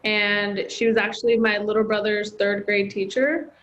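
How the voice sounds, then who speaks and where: A woman's voice: medium pitch, level tone, normal speed, a bit bright, lo-fi sound. A young woman, a college student, telling a personal story in an interview, heartfelt and chatty with lots of filler words. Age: young adult. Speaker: student guest.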